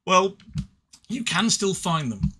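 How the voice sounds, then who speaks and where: A man's voice: high-pitched, very animated, takes it slowly, sharp tone, slightly rough. An English man with an English accent reviewing card game cards in a rambling, self-deprecating way with frequent stuttered restarts. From England. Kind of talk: casual solo review.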